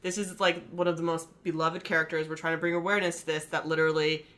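A woman's voice: deep voice, flat delivery, quick pace, fairly bright tone. A young woman co-hosting a podcast, chatting casually and teasing her friends, swearing freely. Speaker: podcast co-host. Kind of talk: casual chat.

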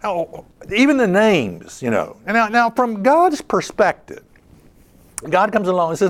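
A man's voice: high voice, sing-song, measured pace, fairly bright tone. A man preaching a sermon, asking rhetorical questions and often repeating his words as he builds a point.

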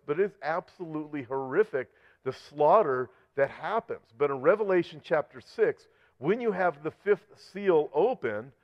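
A man teaching on Bible prophecy in an earnest sermon style, getting louder and more forceful when he reads scripture aloud. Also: a little high. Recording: slightly dull lo-fi audio.

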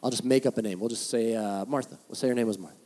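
A man preaching a sermon as the pastor, telling stories in an animated way and acting out the voices of people he quotes. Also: mid-range voice, racing.

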